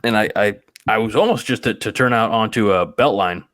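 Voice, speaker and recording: A man hosting a podcast, telling rambling everyday anecdotes in a relaxed, chatty way. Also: lowish voice, fairly quick, no echo, studio quality. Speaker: podcast host. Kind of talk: casual chat.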